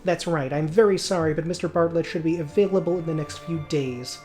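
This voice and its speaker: A man's voice: on the high side, brisk, a little mellow, faint music behind, natural voice. A man voicing a polite, prim female secretary who guards a club's door. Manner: polite, crisp, gatekeeping.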